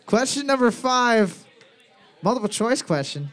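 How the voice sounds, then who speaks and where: Guy with a high voice reading trivia questions out loud, jokey, laughs a lot. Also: expressive, takes it slowly, a faint crowd. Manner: jokey, laughs often, reads questions out with emphasis. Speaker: quiz host.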